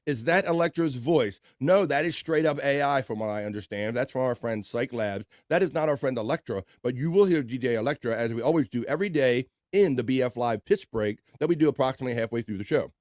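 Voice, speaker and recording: Male stream host reading chat aloud, relaxed and jokey, mid-pitched, dry close mic. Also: quick pace, few pauses, no echo. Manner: laid-back, chatty, laughs often, reads chat aloud. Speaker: livestream host. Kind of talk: casual chat reading viewer comments.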